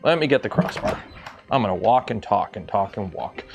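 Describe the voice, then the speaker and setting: A man's voice: lowish voice, animated, normal speed, creaky, over music. A man streaming live from his workshop, chatting casually and thinking aloud as he builds a 3D printer. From Canada.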